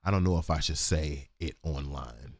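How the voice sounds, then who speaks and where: A man's voice: a bass voice, normal speed, gravelly. A man co-hosting a casual morning livestream talk show, joking and profane in loose banter.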